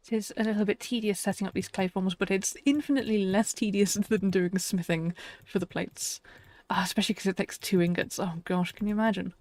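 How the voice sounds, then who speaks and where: A woman streams a survival game, chatting to her viewers and muttering through each task in a middle-pitched voice. She laughs often and keeps an easy, talkative flow. The sound is dry and close, with no room around it. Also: steady tone, brisk, darkish tone, no echo. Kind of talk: casual live-stream chat.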